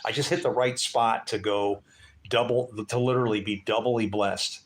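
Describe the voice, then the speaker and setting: A man's voice: lowish voice, fairly even intonation, moderate pace, slight background noise. A man chatting casually with livestream viewers from a porch at dusk, rambling and joking with frequent chuckles.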